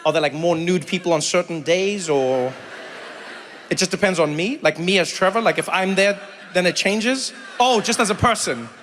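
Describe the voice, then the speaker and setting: A man's voice: sits high, moderate pace. A man from South Africa doing stand-up, telling a story and chatting with the crowd, acting out other people's voices. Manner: animated, acts out voices of others. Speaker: comedian and host. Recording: live venue with long reverb and faint noise.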